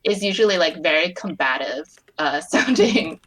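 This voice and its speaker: A woman's voice: low voice, expressive, normal speed, fairly bright tone, slight background noise, poor audio. A woman on a voice call reading her own short fan story aloud, chatty, with many fillers and little laughs.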